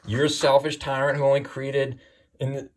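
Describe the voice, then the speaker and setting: A man's voice: medium pitch, completely flat delivery, normal speed, a little hiss or hum, close to an everyday voice. A man voicing the devil as a scornful accuser, taunting and sneering. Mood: resentful.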